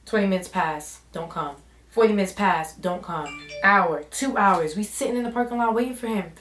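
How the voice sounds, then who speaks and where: A young woman telling a storytime vlog, animated and full of slang, jumping into little voices for everyone in the story. Her voice sits at a middle pitch and rings in a bare, echoey room. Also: normal speed, soft background music. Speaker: vlogger.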